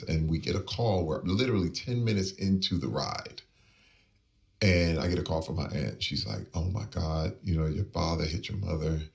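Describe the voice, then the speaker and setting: A man from the American Midwest, a guest in an interview, telling a personal story with emphasis and acting out the lines he quotes. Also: recorded from a distance. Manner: emphatic, acts out quoted lines, pitch swings up when stirred.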